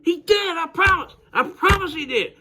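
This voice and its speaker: A man's voice: very high voice, animated, moderate pace, pushed and bright, pitched above the performer's own voice, exaggerated voice. A man voicing a whiny third-grade boy who keeps insisting to a teacher that he is telling the truth. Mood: pleading. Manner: pleading, insistent.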